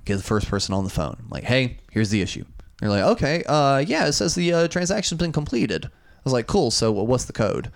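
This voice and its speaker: A man's voice: medium pitch, sing-song, brisk. A young man telling a long, profane, exasperated story in casual chat, acting out both sides of customer service calls.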